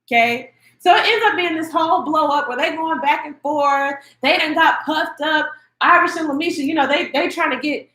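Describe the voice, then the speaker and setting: A woman's voice: high-pitched, bright, forceful tone, echoey room. Sassy emphatic woman reviewing a show. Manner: sassy, emphatic, repeats lines for effect. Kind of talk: casual review commentary.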